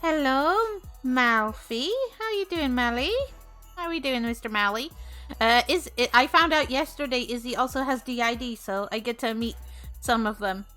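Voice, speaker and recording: A woman's voice: fairly high pitch, moderate pace, bright, forceful tone, soft background music. A woman hosting her stream in a bubbly, chatty way, swearing casually. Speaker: VTuber streamer host.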